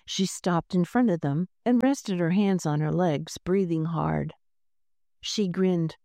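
A woman narrating a children's storybook in a gentle, unhurried reading voice, lightly voicing the characters. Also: lowish voice, vocal fry, dry recording, studio quality. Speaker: audiobook narrator.

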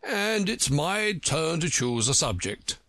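Male reader doing a puffed-up storybook egg: pompous, lecturing, raised pitch, gravelly. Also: very animated, slow, sharp tone, dry recording, studio quality, exaggerated voice. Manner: self-important, lecturing. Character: pompous touchy egg-shaped male know-it-all.

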